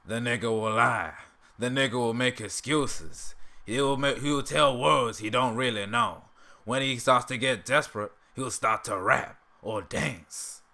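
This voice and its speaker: A man's voice: medium pitch, a little slow, bright, forceful tone. A man doing an impression of Uncle Ruckus, a bigoted old cartoon man, in a strained, emphatic, preachy ranting voice.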